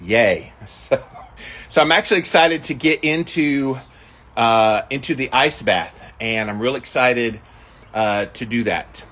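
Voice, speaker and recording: Man, fifties, husky, a bit winded, upbeat live-stream host talking to camera in his yard. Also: medium pitch, slow pace, fairly bright tone. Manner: upbeat, talks straight to viewers. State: a little out of breath. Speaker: vlogger. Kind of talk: casual live-stream chat. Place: backyard outdoors.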